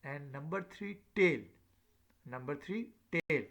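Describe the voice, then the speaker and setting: A man giving a recorded lecture, halting often with fillers and repeated words, and acting out rising and falling tones on short example phrases. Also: fairly high pitch, animated, gravelly, a bit bright.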